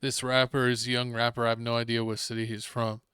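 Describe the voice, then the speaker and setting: A man's voice: mid-range voice, flat delivery, fast talker, fairly bright tone, clean tone, no room sound. A man co-hosting a podcast in casual chat, teasing his partner with dry jokes. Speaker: podcast co-host. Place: Texas.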